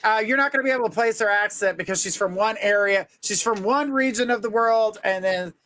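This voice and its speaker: A man's voice: high-pitched, brisk, bright, forceful tone, dry recording. A man hosting a casual live psychic stream, upbeat and laughing often as he reads viewer comments aloud.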